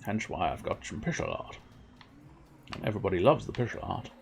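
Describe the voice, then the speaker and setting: A man giving excitable, self-mocking running commentary on his own gameplay while streaming, sometimes turned away from his microphone. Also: fairly low pitch, fairly quick, creaky, a little hiss or hum. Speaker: livestreamer. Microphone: desk microphone, sometimes turned away.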